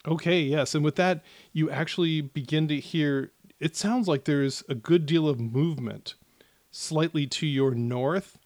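A man narrating as game master of a tabletop game, with many pauses and restarts. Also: fairly high pitch, a little mellow, no echo. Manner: hesitant, many fillers and restarts.

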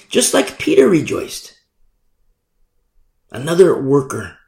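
Gravelly-voiced preacher man in an echoey room. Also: medium pitch, animated, normal speed. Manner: preaching, repetitive, emphatic rhetorical questions. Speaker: pastor. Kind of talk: sermon.

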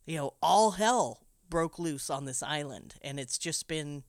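Woman host, low voice, laughing profane recap, dry close sound. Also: a little slow, no echo. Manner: animated, laughing, profane storytelling. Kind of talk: casual film recap.

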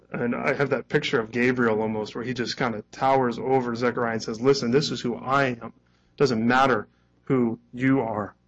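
A male pastor delivers a sermon in an easy, conversational manner. He slips into quoted lines with a bit of acting and a light chuckle, at an ordinary middle pitch. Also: fairly bright tone, dull audio.

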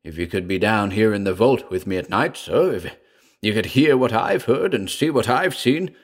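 A man's voice: on the low side, animated, normal speed. A man voicing an old male vault caretaker who speaks in old-fashioned, pleading tones. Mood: urgent.

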